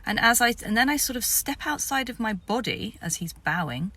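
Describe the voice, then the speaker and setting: A woman's voice: a little high, lively intonation, normal speed, sharp tone. A woman, a spiritual vlogger, telling the story of a vision in a rambling way that sometimes drops to a whisper.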